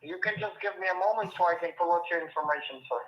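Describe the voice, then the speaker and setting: Insistent call-center man, higher-pitched, tinny roomy phone line. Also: very fast. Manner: formulaic, insistent questioning. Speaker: scam call agent. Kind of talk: scripted call-center talk. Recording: muffled echoey phone line.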